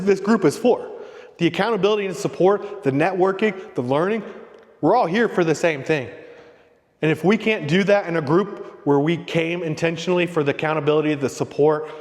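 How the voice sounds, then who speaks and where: A man's voice: fairly high pitch, in a large hall. A middle-aged man hosting a leadership discussion group. He coaches in a loose, rambling way and keeps checking in with "right?" and "okay?". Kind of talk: casual motivational talk.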